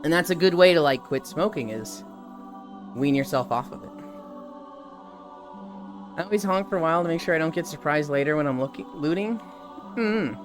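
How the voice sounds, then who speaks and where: A streamer in loose, casual chat with viewers, voice bouncing up and down in pitch. They laugh a lot and read chat messages aloud as they go, with faint music playing under the talk. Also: lively intonation, normal speed, long pauses. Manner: chatty, laughs often, reads chat aloud. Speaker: live streamer.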